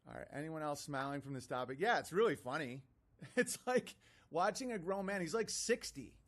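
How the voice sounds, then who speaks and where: A man's voice: a little high, animated, moderate pace, a bit bright. A man in his thirties hosting a livestream, reading out messages and mocking them bluntly. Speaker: livestream host.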